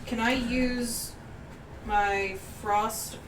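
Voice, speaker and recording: A woman's voice: a little high, fairly even intonation, extremely slow, background noise. A woman playing in a tabletop game, talking casually and eagerly. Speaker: player.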